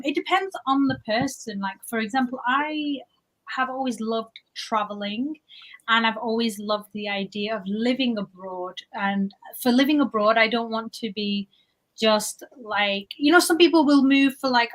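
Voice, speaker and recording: A woman's voice: on the high side, normal speed, low-quality recording. A young woman from England with an English accent, chatting casually as a guest on a livestream interview. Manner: chatty, animated, lots of likes and restarts.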